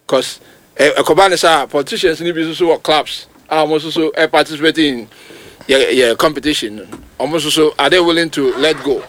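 A man with a Ghanaian accent giving emphatic, animated football commentary on a talk show, his voice jumping high at points of emphasis. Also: fairly quick. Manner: emphatic, animated, rising to sudden high outbursts. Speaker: football pundit. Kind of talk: radio sports talk, mixing Twi and English.

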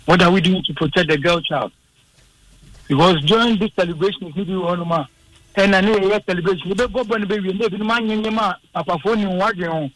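A man's voice: high-pitched, fast talker, a bit bright, rough recording. A man calling in to a radio show with a rambling comment. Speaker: caller. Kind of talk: call-in comment.

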